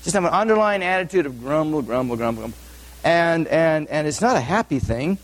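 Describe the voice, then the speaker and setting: A man's voice: on the high side, lively intonation, brisk. A male pastor giving a conversational sermon, often asking the audience questions. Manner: asks the audience frequent questions; informal, with many fillers and restarts.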